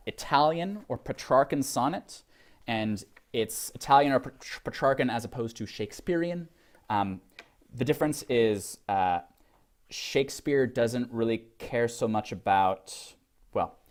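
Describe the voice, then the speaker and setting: A man teaches a college literature class in an ordinary mid-pitched voice. He talks loosely and digressively, trailing off and restarting, full of ums and uhs. He pauses to read poems aloud to the room. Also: darkish tone. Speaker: literature lecturer. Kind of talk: college lecture with poetry reading.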